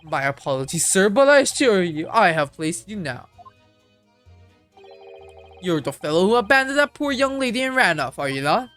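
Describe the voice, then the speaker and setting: Brief: woman doing a snooty, theatrical gentleman sleuth, formal and self-assured. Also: medium pitch, sing-song, normal speed, long pauses, faint music behind. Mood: lofty. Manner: lofty, mannered formality. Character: pompous, eccentric gentleman detective. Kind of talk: reading a visual novel aloud.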